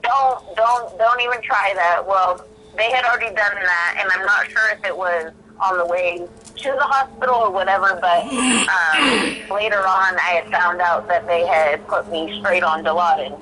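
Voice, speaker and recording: A woman's voice: on the low side, normal speed, sharp tone, a little hiss or hum, rough recording. A woman, a podcast guest speaking from prison, telling her own story candidly with many fillers and restarts, acting out what she thought at the time. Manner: rambling, filler-heavy, reenacts her own past thoughts in quotes.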